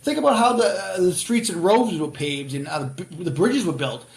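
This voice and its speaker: A middle-aged man with a Boston accent speaks bluntly and tells his stories with animation, his voice sitting fairly high for a man. The sound carries a roomy echo around him. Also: animated, normal speed, gravelly. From Boston area, USA. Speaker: guest author. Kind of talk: casual podcast interview.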